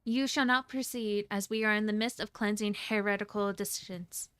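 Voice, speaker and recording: A woman's voice: mid-range voice, fairly even intonation, normal speed, fairly bright tone, clean tone, no echo, natural voice. Woman doing a stern holy inquisitor guy, dry close sound, archaic and preachy. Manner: solemn, archaic commands. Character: stern armored male religious enforcer, zealous.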